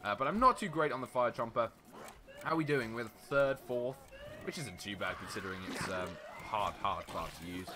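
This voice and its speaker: A young man talks his way through a round of a shooter game, rambling and loose with plenty of fillers. His voice has a bright, forward edge, and he breaks into quick excited bursts when the action heats up. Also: medium pitch, a little hiss or hum. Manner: chatty, rambling, with many fillers and sudden excited outbursts at the game. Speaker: gaming video host. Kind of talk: casual gameplay commentary.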